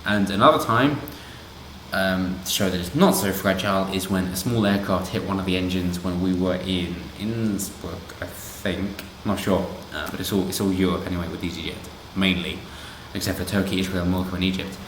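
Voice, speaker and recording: A man's voice: deep voice, steady tone, fairly quick, a bit bright, slight background noise. A man doing casual commentary on a news story, sarcastic and rambling with asides. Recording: roomy echo.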